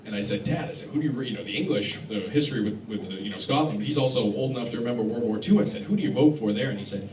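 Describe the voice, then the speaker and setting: A man performing a deadpan stand-up set in a club, halting and restarting often, recorded by a phone in the crowd. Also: medium pitch, echoey room, distant mic, a little hiss or hum. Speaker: stand-up comedian. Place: club hall with live audience laughing.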